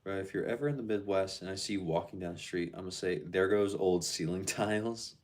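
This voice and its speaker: Man, lowish voice, live-stream host, reads chat aloud, relaxed and slangy. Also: brisk. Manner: reads viewer comments aloud and answers them; laid-back, slangy.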